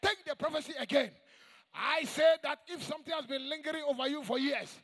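A man preaching a sermon to a church congregation, emphatic and call-and-response, with shouted high points. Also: a little fast. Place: large church hall. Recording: long echoing church reverb.

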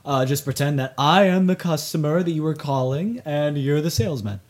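A man's voice: fairly high pitch, lively intonation, fairly quick. Flustered stammering man interviewer. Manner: flustered, stammering, breaks into laughter. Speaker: mock interviewer. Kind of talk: improvised comedy sketch.

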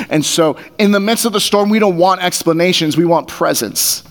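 A man delivers a sermon in a slightly higher-than-usual voice. He talks in a casual, earnest way and leans on repeated phrases. His voice comes through a small mic taped to his face. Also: moderate pace, hardly any pauses. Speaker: pastor. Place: church hall. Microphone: headset mic taped to face.

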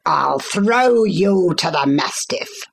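A woman's voice: sits low, lively intonation, takes it slowly, pitched below the performer's own voice, full character voice. A woman voicing a sinister middle-aged man who talks in an overly soothing, coaxing way that turns menacing. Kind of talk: audiobook character voice.

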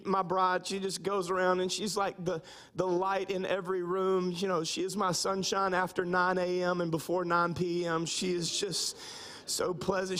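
A middle-aged man preaching a sermon as pastor, emphatic and slowing down to stress key points. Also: high-pitched, a bit bright.

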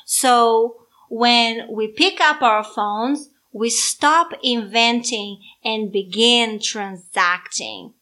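A woman's voice: a little high, drawn-out words, few pauses, sharp tone. A Brazilian woman, a mother co-hosting a podcast, chatting casually and teasing her daughter. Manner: teasing, playful. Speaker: podcast co-host. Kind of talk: casual chat.

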